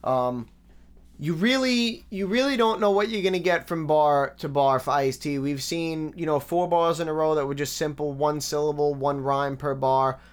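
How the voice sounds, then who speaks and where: A man talks through rap lyrics in a relaxed, analytical way, dropping fillers as he goes. His voice is clean and smooth and sits slightly high for a man. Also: normal speed. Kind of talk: casual breakdown commentary.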